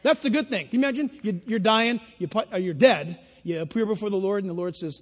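A man preaching a sermon, lively and animated, acting out little voices and laughing at his own jokes. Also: high voice, quick pace, few pauses. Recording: long hall reverb.

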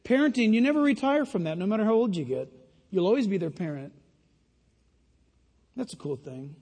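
A man preaching a sermon as a pastor, in an animated style that mocks other voices in put-on quotes. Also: sits high, fairly quick. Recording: long reverb of a large hall.

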